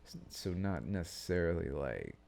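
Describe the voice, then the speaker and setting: A man's voice: low voice, sing-song, normal speed, gravelly, a little mellow. A man hosting a solo podcast, rambling through his thoughts in a meandering, self-interrupting way and swearing casually. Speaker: podcast host. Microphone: studio-style podcast mic.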